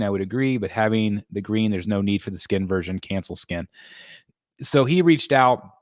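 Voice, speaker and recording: A man's voice: lowish voice, dry recording, studio quality. A man hosting a casual collectors' livestream, reading chat messages and answering in a rambling way with many ums and restarts. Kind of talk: casual live-stream chat.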